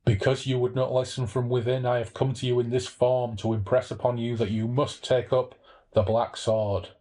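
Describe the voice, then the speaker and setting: A man voicing a solemn, disembodied voice from a golden chalice, speaking slowly and commandingly. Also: mid-range voice, flat delivery, mellow, lightly acted. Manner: slow, solemn commanding delivery.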